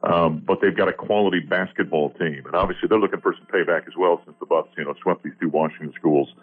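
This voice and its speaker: Deep-voiced man on a phone line. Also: fast, slightly rough. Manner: long-winded, rambling, with many fillers. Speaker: guest play-by-play broadcaster. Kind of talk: casual sports radio interview.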